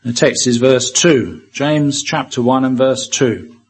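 A man's voice: mid-range voice, slow pace, husky, rough recording. A man preaching a Bible sermon, reading scripture aloud and repeating key words with rhetorical questions. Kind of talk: expository sermon.

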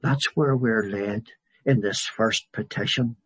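Slow husky man preaching. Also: fairly low pitch, no echo. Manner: slow, emphatic preaching with rising swells on key words. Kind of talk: sermon.

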